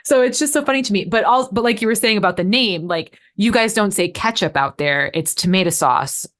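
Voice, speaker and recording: A woman's voice: medium pitch, expressive, a little fast, fairly bright tone. A woman, hosting a casual chat, who laughs easily and agrees often. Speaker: podcast host.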